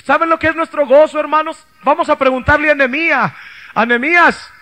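A male pastor preaching a bilingual sermon, switching between English and Spanish and building to shouted praise, on an old cassette tape recording. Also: extremely high pitch, steady tone, racing. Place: church youth camp service.

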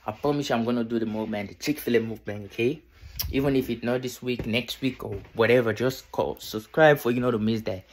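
A tired young man vlogging from his bedroom at night, keeping his voice low and repeating himself. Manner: tired, quiet near-whisper, repetitive. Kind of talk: casual vlog talk to camera.

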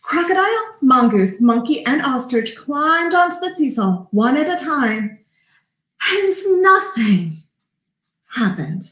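A children's librarian reads a storybook aloud in a library room, slow and animated, doing character voices and pausing to talk to the kids. Her voice is on the high side, and the room sounds echoey.

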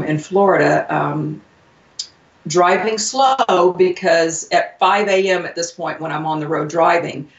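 A woman speaks slowly and earnestly, pausing and restarting often as she tells her story. Her voice has a gravelly, fry-tinged edge. She sounds distant in an echoey room, and the recording is dull and lo-fi. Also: deep voice. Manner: earnest, halting, many fillers and restarts. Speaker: radio show guest. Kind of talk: personal storytelling in an interview.

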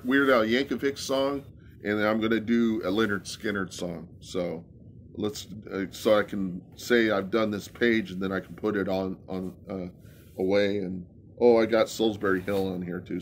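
A man chatting casually and haltingly at home between songs he sings, with many fillers. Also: on the low side, fairly even intonation, a little hiss or hum. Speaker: amateur singer.

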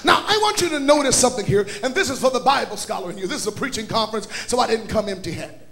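A man, a bishop, preaching a sermon at a church conference in a chanting, shouted cadence that drops to quiet teaching. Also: very high-pitched, expressive, quick pace, vocal fry, slight background noise. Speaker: bishop and pastor. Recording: live church recording with faint music and crowd.

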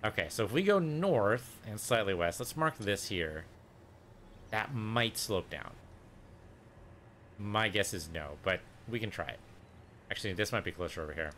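A man's voice: fairly low pitch, expressive, normal speed, pauses often, fairly bright tone, a little hiss or hum. A man casually commenting on his own gameplay, thinking aloud and muttering to himself as he plays. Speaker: let's play gamer.

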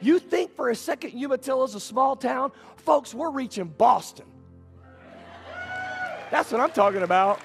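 A man's voice: very high voice, animated, moderate pace, creaky, long pauses, a bit bright, faint music behind. A male pastor preaching a sermon in a church sanctuary, bantering playfully with the congregation. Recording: reverberant church hall.

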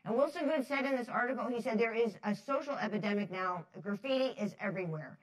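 A woman from New Jersey giving a talk to an audience, telling stories in a lively, chatty way, laughing often and acting out the voices she quotes. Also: a little high, fast, low-quality recording. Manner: chatty, many fillers like "like". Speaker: speaker at a foundation talk series.

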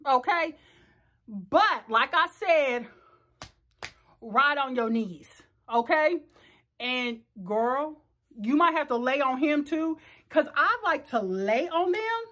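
A woman's voice: sits high, fairly bright tone. A woman, chatting frankly and bawdily to the camera from her bedroom, often laughing and joking. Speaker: vlogger. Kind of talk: casual chat to camera.

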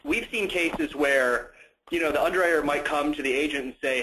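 A man from an insurance company joins a training call and explains things casually. He talks quickly in a mid-range voice, filling gaps with easy asides. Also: medium pitch, bright, forceful tone, poor audio. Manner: casual, explains with fillers like "you know". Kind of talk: conference-call training talk.

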